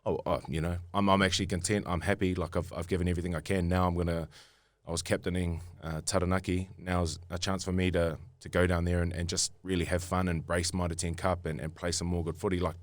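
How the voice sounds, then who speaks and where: A deep-voiced man with a New Zealand accent tells his story in a loose, rambling way, full of fillers and restarts. He is recorded on a close studio mic with a dry, dead sound. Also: flat delivery, fast, few pauses, no room sound. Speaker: guest rugby player. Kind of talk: casual podcast storytelling.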